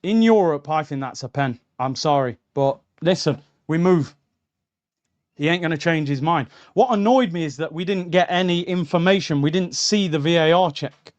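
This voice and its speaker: A man's voice: on the high side, normal speed, highs cut off. Heated young man on a football stream. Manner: heated, indignant, addresses viewers as lads and bro. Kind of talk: live match watchalong commentary. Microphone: streaming mic.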